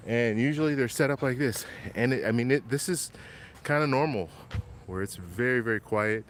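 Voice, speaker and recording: Guy vlogging live on a phone while walking uphill, bit winded, faint street noise behind. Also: on the low side. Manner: chatty, greets viewers by name. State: slightly out of breath. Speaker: travel vlogger. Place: outdoors on city streets.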